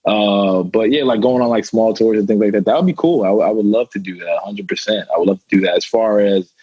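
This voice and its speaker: A man's voice: lowish voice, quick pace, slightly rough, no echo, lo-fi sound. A young American man, a football player and rapper, chatting casually as a guest with lots of fillers. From United States. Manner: relaxed, laughing, many fillers like "you know". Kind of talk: casual interview chat.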